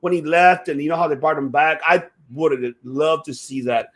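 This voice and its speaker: A man hosting a casual chat show, talking excitably with lots of swearing and restarts. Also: on the high side, normal speed. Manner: excitable, profane, rambling with many restarts. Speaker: podcast host. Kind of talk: casual chat about wrestling.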